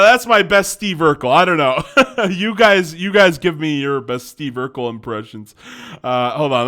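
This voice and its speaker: A man's voice: a little high, a bit bright. A young man in casual reaction commentary, rambling, correcting himself and laughing often. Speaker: YouTube commentator.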